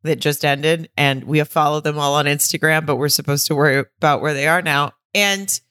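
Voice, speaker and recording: Casting: woman co-host, low pitch, dry close sound, casual and profane. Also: steady tone, fairly quick, fairly bright tone, clear, resonant tone, no echo. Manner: profane, joking. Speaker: podcast co-host. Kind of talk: casual chat.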